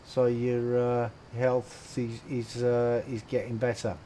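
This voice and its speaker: A man's voice: medium pitch, monotone, slow, dark tone, a little hiss or hum, low-quality recording. A man with a Brummie accent giving chatty live-stream commentary while playing, greeting viewers and laughing often. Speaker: game streamer.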